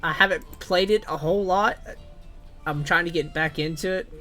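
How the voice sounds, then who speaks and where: A man's voice: fairly high pitch, normal speed, bright, forceful tone. A man from Tennessee with a Southern accent, chatting loosely and swearing casually on a live game stream. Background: game music.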